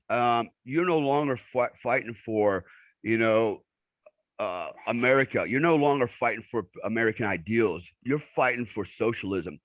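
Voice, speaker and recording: A man's voice: fairly low pitch, no room sound. A middle-aged man, a military veteran guest in an interview, telling blunt stories with many filler words. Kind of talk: conversational interview.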